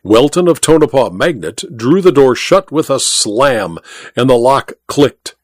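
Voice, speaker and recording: A man narrates an old-fashioned story with lively, expressive delivery. His pitch sits in the middle but swings widely through each sentence. The recording is dry and close, with no room sound. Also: a little slow, no echo. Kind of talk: audiobook narration.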